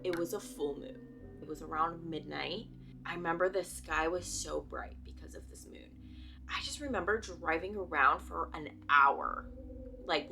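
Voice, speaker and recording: A young woman from the Bay Area telling a true ghost story in a chatty way, full of "like" fillers, dropping to a hush at the creepy parts. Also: on the low side. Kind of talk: casual spoken storytelling. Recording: soft music behind the voice.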